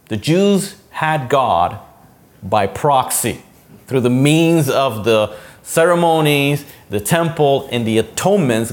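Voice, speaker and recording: A man preaching a sermon in a conversational teaching manner, often checking in with "okay" and "you know". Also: on the high side.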